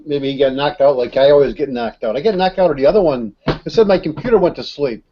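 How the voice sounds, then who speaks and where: A man's voice: a little high, quick pace, highs cut off. A man in a group video call, chatting in an easygoing, joking way. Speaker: discussion group member. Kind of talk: casual chat on a video call.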